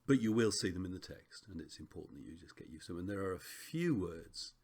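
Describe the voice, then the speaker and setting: Low gravelly man teaching. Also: quick pace. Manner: relaxed, chatty, frequent ums and self-corrections. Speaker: Greek teacher. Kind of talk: recorded lesson walkthrough.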